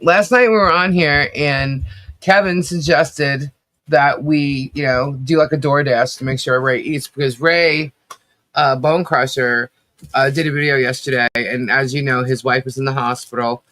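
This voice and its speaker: A woman co-hosting a casual livestream chat, rambling and laughing often, with a slight cough and a rough throat. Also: rumbling low, fairly even intonation, unhurried, fairly bright tone. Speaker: livestream co-host.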